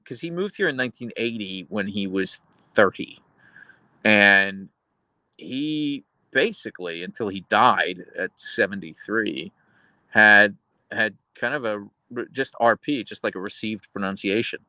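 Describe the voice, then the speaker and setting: A man's voice: on the low side, lively intonation, a little slow, pushed and bright, no room sound, rough recording. An American man from Pittsburgh hosting a casual livestream and chatting with viewers. He enunciates his consonants sharply and wanders into rambling asides. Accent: American, crisply enunciated. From Pittsburgh, Pennsylvania. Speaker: livestream host reading chat.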